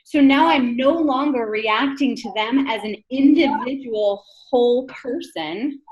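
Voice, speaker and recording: A woman from the northern United States lectures a class conversationally, frequently checking in with "right?" Her voice is slightly high and darkish, her pace measured, and the lecture recording is dull and lo-fi.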